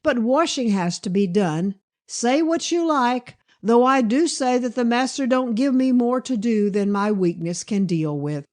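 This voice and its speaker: A woman's voice: on the high side, unhurried, few pauses, a little mellow, natural voice. A woman reading aloud and voicing a chattering, scruffy older village housekeeper in a fussing, voluble manner. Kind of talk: audiobook character voice.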